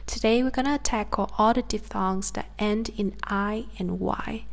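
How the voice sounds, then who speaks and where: Woman, Southern Vietnamese accent, language teacher; unhurried, careful, mid-pitched delivery of sounds. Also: gravelly. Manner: slow, careful, demonstrates sounds. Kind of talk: pronunciation lesson.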